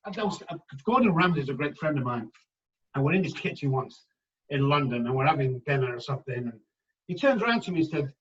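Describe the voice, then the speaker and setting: A man speaking as a guest on a podcast interview, telling emphatic, animated anecdotes about how words shape the mind. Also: medium pitch, fast talker. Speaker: guest addiction specialist. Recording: slightly dull, distant mic.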